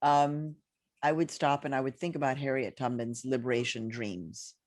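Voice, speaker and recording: A woman's voice: a bass voice, fairly even intonation, normal speed, a little mellow, dry recording, clean studio sound. A woman moderating a panel discussion over a video call, speaking in a reflective, personal way with fillers and restarts.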